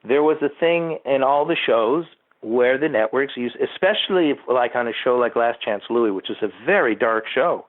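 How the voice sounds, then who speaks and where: A man's voice: medium pitch, animated, normal speed. A man, a TV producer being interviewed, rambling through behind-the-scenes anecdotes with asides to the host. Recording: tinny phone-like line.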